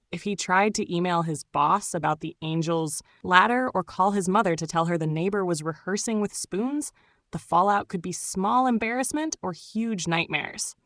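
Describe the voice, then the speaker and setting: A woman narrating a first-person story in a measured, steady way. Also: lowish voice, no echo, studio quality.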